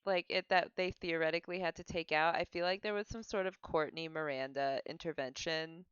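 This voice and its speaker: A woman's voice: sits low, steady tone, fairly quick, fairly bright tone, clean tone, no echo, lo-fi sound. A woman co-hosting a podcast in casual chat, who laughs often and acts out lines from scenes. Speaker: podcast co-host.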